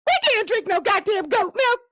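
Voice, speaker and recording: A woman's voice: very high-pitched, very animated, normal speed, pushed and bright, dry recording, clean studio sound, pitched above the performer's own voice, heavily acted. A woman voicing a spoiled young wife who whines and swears indignantly.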